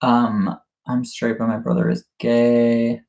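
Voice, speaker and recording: Chatty young man with a gravelly voice. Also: mid-range voice, completely flat delivery, slow pace, a little mellow, echoey room, rough recording. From Canada. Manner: chatty, laughs often, lots of fillers. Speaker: YouTuber hosting a livestream. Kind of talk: casual livestream Q&A chat.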